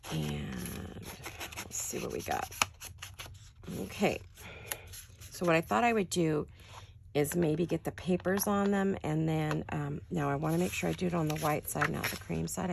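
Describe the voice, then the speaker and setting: An older woman with a raspy early-morning voice chats quietly and casually to her viewers while she works on a craft project in her home studio. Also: low voice, heavy background noise. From California. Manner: quiet, chatty, addresses viewers directly. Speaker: crafting channel host.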